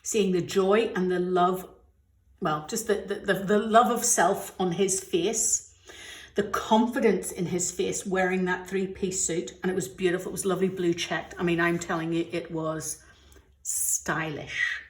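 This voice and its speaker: A woman's voice: lowish voice, fairly even intonation, normal speed, echoey room. A middle-aged woman from the UK chatting candidly in a budgeting vlog while counting cash aloud, getting emotional at times. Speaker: budgeting vlogger.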